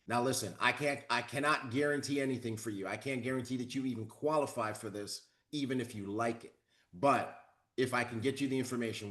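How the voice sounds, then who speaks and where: Energetic motivational speaker, a man. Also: medium pitch. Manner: energetic, coaching, acts out phone calls. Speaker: network marketing trainer. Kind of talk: motivational talk.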